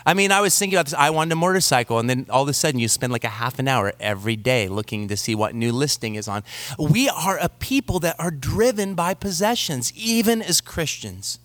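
Pastor guy, 30s, higher voice, dry close mic, preaching in a chatty storytelling way. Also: expressive, a bit bright, no echo. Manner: reads scripture slowly, then tells a family story conversationally. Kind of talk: sermon.

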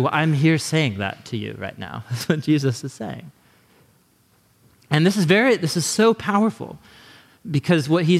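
A man preaching a sermon as pastor, in an animated, conversational way, sometimes acting out quick voices. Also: on the high side, big-room sound.

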